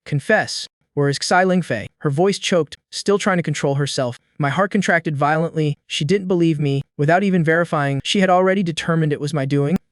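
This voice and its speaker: A male narrator tells a first-person audio story in a calm, measured way. His voice is a little high, smooth and clear. It sounds close-miked and completely dry, with no room around it. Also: no echo.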